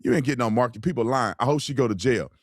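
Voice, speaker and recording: A man's voice: mid-range voice, rapid-fire, no echo, clean studio sound. A man giving blunt, mocking, heated commentary on video clips, with slangy, colloquial speech. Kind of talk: opinionated commentary.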